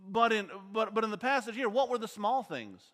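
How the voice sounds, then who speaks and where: Bright-voiced man teaching a Bible class. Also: high-pitched, animated, a little fast. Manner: quizzes the class with questions. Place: church auditorium. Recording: long hall reverb.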